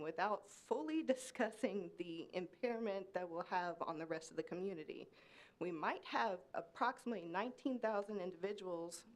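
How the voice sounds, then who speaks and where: A woman from Kansas speaking during public comment at a city meeting, pleading and emotional, her voice rising. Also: on the low side. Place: city commission meeting room.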